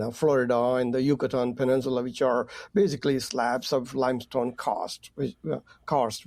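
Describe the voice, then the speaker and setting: A man's voice: mid-range voice, gravelly, mellow, dry recording. A man who is a professor and podcast guest, explaining his research with frequent fillers. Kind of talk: interview answers.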